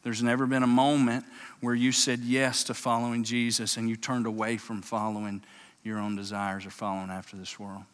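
A man's voice: mid-range voice, flat delivery, brisk. A male pastor preaching a sermon, emphatic and given to repeating and restarting his words, in a church sanctuary. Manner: emphatic, repeats words, keeps saying "watch this". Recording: long reverb of a large sanctuary.

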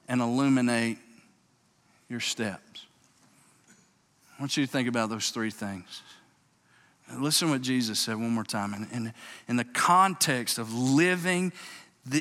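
Preaching a sermon in a big church sanctuary full of long reverb, this male pastor has a mid-range voice that sounds pushed and bright. He keeps repeating and restarting his words with emphatic force, and he often says "watch this."

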